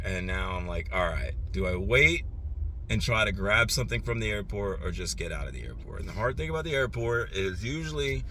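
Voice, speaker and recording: A man's voice: lowish voice, slight background noise. A tired man, a rideshare driver, talking casually and profanely to the camera from his parked vehicle, rambling and getting heated in spots. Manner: rambling, profane, animated when ranting. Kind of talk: casual vlog monologue. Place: parked vehicle at airport lot.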